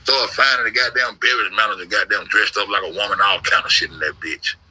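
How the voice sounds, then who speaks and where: Husky, bright-voiced rambling man. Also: fairly low pitch, fairly even intonation, quick pace, low-quality recording. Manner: rambling, heavy swearing, repeats himself. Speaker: livestreamer recounting an online investigation. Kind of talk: casual profane storytelling.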